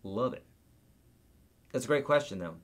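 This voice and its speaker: On a live guitar Q&A, a man chats casually, reading viewer comments aloud and counting out beats and picking patterns. His voice is medium-pitched and expressive, moving at a normal speed.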